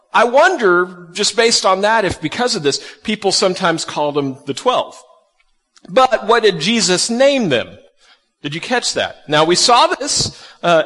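A man's voice: high-pitched, pushed and bright, big-room sound. A man preaching a conversational sermon, asking his listeners questions as he walks through scripture. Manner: conversational, asks the audience questions. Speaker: pastor.

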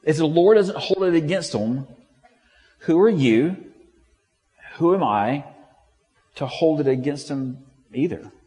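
A man's voice: fairly high pitch, lively intonation, takes it slowly, pauses often, mellow. A man preaching a sermon in a loose, conversational way, acting out the quoted lines with shifts in tone. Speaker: pastor. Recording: long hall reverb.

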